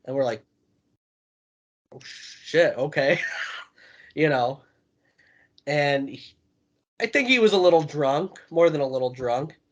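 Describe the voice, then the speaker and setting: A man's voice: on the high side, expressive, a little slow, long pauses, highs cut off. A man on a podcast telling a laid-back, profane anecdote in casual chat. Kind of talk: casual storytelling.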